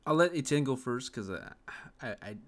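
A man's voice: mid-range voice, animated, normal speed. A man on a casual podcast chat, talking thoughtfully and hesitantly, with many "you know"s and restarts. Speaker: podcast co-host.

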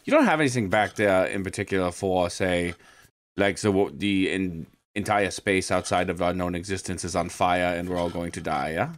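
A man playing a tabletop game, talking in a deadpan, rambling way. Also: sits low, moderate pace, no echo, studio quality. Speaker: player. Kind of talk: in-character tabletop play.

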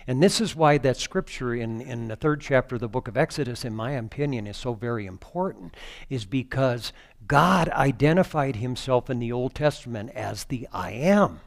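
A man's voice: mid-range voice, animated, moderate pace, gravelly. A man preaching a sermon as pastor, moving from conversational teaching with fillers to fervent, rising exclamations.

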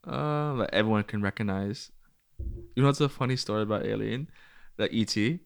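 A young man in a casual chat about movies, telling stories with lots of fillers and sudden excited jumps in pitch. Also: a little fast, creaky, clear, resonant tone. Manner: chatty storyteller, many fillers, jumps up in pitch when excited.

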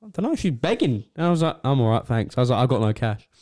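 A man's voice: medium pitch, sing-song, quick pace, a little mellow. A young man co-hosting a podcast, rambling through anecdotes in casual chat and chuckling often. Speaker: podcast co-host.

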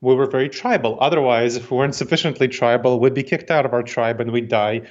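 On a lo-fi recording, a Moldovan man in his forties speaks quickly in a mid-range voice with fairly even intonation. As a guest expert in an interview, he explains ideas methodically, repeating key points, his Eastern European accent tinged with New York.

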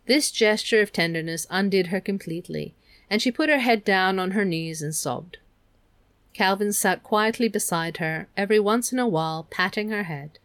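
A woman reading a novel aloud in a relaxed, casual way. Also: on the low side, dry recording. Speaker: audiobook reader.

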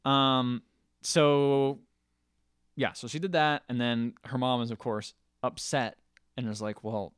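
A man's voice: mid-range voice, fairly even intonation, slow, a bit bright, clean tone, dry recording, studio quality. A man co-hosting a podcast, casually retelling a film's plot and acting out the characters' lines as he goes. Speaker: podcast co-host. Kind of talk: casual film recap chat.

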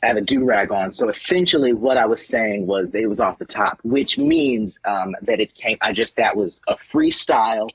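A man co-hosting a podcast in casual chat, telling animated stories that jump into high comic voices. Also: moderate pace, gravelly, hardly any pauses, slightly rough, no room sound, lo-fi sound. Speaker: podcast co-host.

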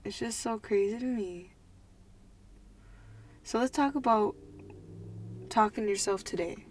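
A woman in her twenties co-hosting a podcast, chatting casually and thinking out loud with many fillers. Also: medium pitch, unhurried. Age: 20s. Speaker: podcast co-host.

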